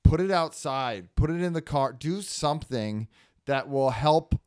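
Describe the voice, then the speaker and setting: Smooth-voiced man bantering on a podcast. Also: on the high side, animated, measured pace, no room sound, clean studio sound. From Northern California. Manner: bursts into loud exaggerated character voices. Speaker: podcast co-host. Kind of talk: casual comedic chat.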